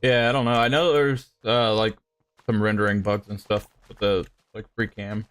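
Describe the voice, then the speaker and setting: A man on a gaming stream casually explaining how his mod works, relaxed, with restarts and chuckles. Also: lowish voice, normal speed. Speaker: developer of the game mod. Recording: faint music behind.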